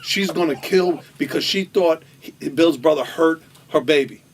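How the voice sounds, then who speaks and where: A man's voice: on the high side, moderate pace, recorded from a distance. A man animatedly telling a wild anecdote as a guest, acting out the quoted voices and laughing as he goes. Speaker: storytelling guest.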